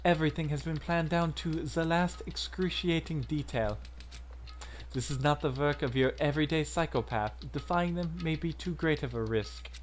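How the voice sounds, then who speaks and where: A man voicing a cool-headed teenage girl who reasons calmly and soberly. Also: fairly high pitch, soft background music, voice pushed up, lightly acted. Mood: grave. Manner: calm, measured, analytical.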